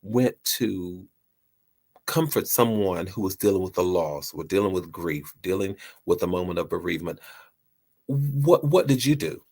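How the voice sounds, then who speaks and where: A man's voice: sits low, animated, normal speed, darkish tone. A man hosting a motivational talk, earnest and repeating his phrases for emphasis. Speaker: host.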